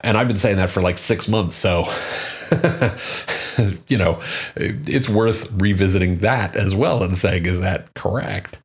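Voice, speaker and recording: A man's voice: fairly low pitch, takes it slowly, long pauses, slightly rough. A man giving a solo talk on marketing, reading out quotes and figures and then stressing his own points. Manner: reads quotes and statistics, then comments emphatically. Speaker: marketing commentator.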